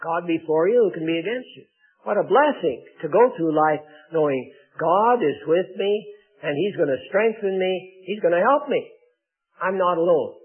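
High-voiced preacher man on tinny radio. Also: expressive, moderate pace, breathy edge. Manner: earnest, conversational preaching, reads scripture aloud. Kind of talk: sermon on Bible reading. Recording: narrow phone-like radio broadcast.

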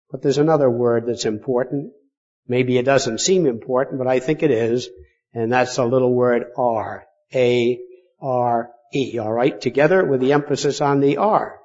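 Slow, deliberate male preacher. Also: medium pitch, a little mellow, muffled recording. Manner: slow, deliberate delivery with pauses for emphasis. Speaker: pastor. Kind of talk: sermon.

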